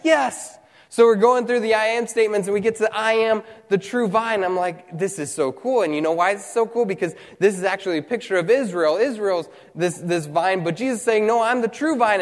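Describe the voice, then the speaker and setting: An earnest male pastor with a fairly high voice delivers a sermon, swinging between animated storytelling and slow, weighty pauses. His words ring out in a church hall with a long trailing reverb. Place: church hall, also streamed online.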